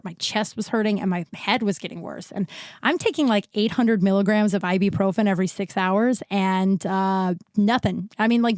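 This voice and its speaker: A woman hosts her own podcast while sick and tired, chatting solo in a rambling, candid way, often breaking off mid-sentence and swearing casually. Her voice is medium-pitched, in a dry, clean studio recording.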